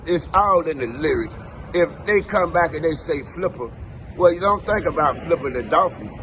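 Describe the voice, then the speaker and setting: A slangy man rambles his advice, his voice a little high. Faint street noise runs behind him. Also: animated, moderate pace, sharp tone. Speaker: guest. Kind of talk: casual street interview.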